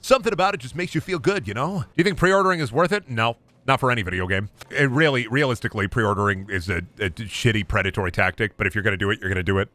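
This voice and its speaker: A young man streaming a game, chatting casually in a goofy, animated way and jumping into bits. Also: lowish voice, quick pace, no room sound. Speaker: gaming streamer. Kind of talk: casual live-stream commentary.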